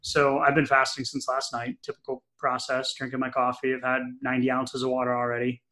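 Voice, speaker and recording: A middle-aged man from New England co-hosting a podcast, telling a long anecdote in a chatty, animated way with many fillers. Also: mid-range voice, brisk. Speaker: podcast co-host. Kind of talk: casual podcast chat, storytelling.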